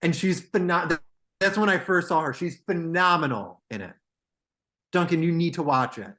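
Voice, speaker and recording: Bright, excitable young man chatting. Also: a little high, normal speed. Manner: excitable, jumps between topics. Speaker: podcast co-host. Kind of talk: casual chat about movies.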